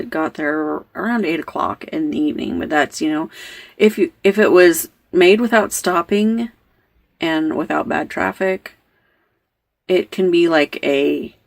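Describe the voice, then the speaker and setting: Rambling and chatty, with plenty of fillers and side remarks, a knitting podcast host shares a story in a casual storytelling chat. She has a creaky voice that sits low.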